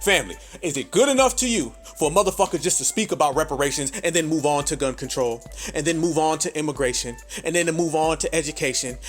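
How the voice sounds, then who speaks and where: A man's voice: on the high side, fairly bright tone. A podcast host ranting hard and profanely, calling his listeners family as he drives each point home. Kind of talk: ranting commentary.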